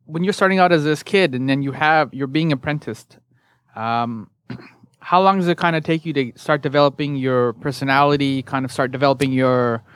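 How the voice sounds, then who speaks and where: A man's voice: medium pitch, normal speed, a bit bright, clean tone, no echo, studio quality. Man hosting a casual chat. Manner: curious, loosely phrased questions. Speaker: podcast host. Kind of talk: casual podcast interview.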